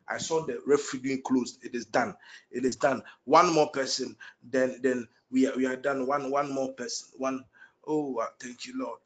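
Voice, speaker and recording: A man speaks in a slightly raised register as he leads prophetic prayer. He calls out named people one by one and repeats his declarations with fervor. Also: on the high side. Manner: fervent, repetitive declarations.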